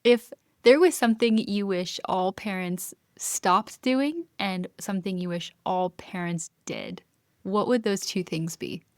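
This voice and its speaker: A woman's voice: medium pitch, a little slow, no echo, clean studio sound. A woman hosting a podcast interview, responding in an affirming, enthusiastic way. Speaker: podcast host. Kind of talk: conversational interview.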